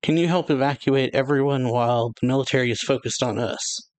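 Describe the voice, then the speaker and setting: A man's voice: mid-range voice, brisk, close to an everyday voice. A man reading aloud the lines of a determined young girl planning an escape, in his own plain voice. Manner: reads the lines plainly, barely changing his voice.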